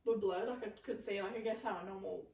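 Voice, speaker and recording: A young woman co-hosting a casual podcast, talking in quick chatty bursts. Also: medium pitch, steady tone, darkish tone. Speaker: podcast co-host. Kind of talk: casual chat. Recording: echoey room, far from mic.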